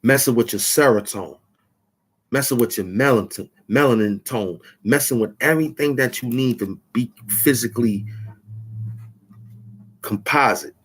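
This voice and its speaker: A man's voice: mid-range voice, normal speed, long pauses, slightly rough. Taunting man ranting to the camera. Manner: taunting, rambling, boastful. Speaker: channel host. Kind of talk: trash-talking rant at the camera.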